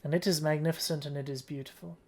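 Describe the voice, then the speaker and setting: A game master voicing a calm goddess disguised as a huntress, speaking softly and graciously in a tabletop game. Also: medium pitch, quick pace, lightly acted.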